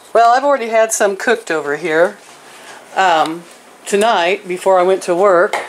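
A woman's voice: medium pitch, a bit bright. A middle-aged woman chatting to viewers and her pets in a rambling home vlog, filmed on a camera mic. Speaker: vlogger. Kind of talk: casual home vlog chat. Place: home, indoors and out by the chicken pen. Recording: roomy, from a distance, faint background noise.

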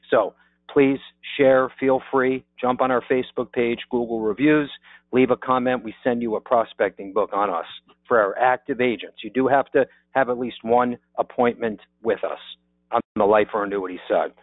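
A man's voice: mid-range voice, steady tone, normal speed, no echo. A man giving an upbeat sales presentation on a webinar, checking in with his audience with repeated "okay?" asides. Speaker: insurance marketing presenter. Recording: dry, phone-like narrow audio.

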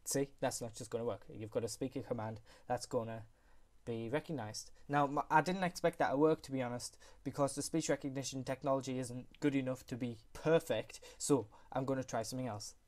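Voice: medium pitch, fairly even intonation, a little fast, darkish tone. Rambling, apologetic tutorial voice. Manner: rambling, apologetic, self-correcting. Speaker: tutorial host. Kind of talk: casual screen-recorded tutorial. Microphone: USB computer microphone.

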